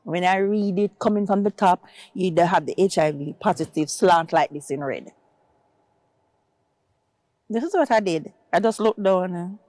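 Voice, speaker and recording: A woman's voice: darkish tone, no room sound. Woman telling her story. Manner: acts out quoted voices, rising high for others' words. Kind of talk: emotional personal storytelling.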